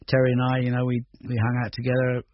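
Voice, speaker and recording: A man's voice: mid-range voice, monotone, fast talker. An older man from Australia, talking through his music career in a rambling, hesitant radio interview full of restarts. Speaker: musician guest. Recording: dull radio recording with faint noise.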